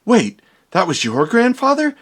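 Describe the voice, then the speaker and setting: A man voicing a young woman fiancée in a sing-song falsetto, sweet but shallow. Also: wildly swooping pitch, a little slow, fairly bright tone, husky, exaggerated voice. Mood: teasing.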